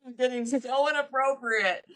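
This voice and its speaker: A woman co-hosting a podcast in casual chat with her sister, talkative and quick to laugh at herself. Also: high voice, fairly even intonation, a bit bright. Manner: chatty, laughs often, self-deprecating. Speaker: podcast co-host.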